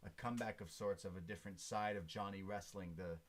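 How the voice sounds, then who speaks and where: A man's voice: on the low side, steady tone, fast talker, a little hiss or hum. A man co-hosting a podcast, casually recapping a wrestling show with jokes and frequent fillers. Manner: joking, recaps with lots of fillers. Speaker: podcast co-host. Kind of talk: casual wrestling review chat.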